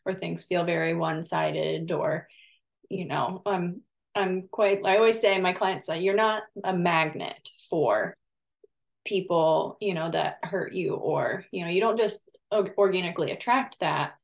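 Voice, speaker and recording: A woman's voice: lowish voice, a little slow, creaky. A woman co-hosting a podcast, talking casually and thoughtfully, often hedging with "you know".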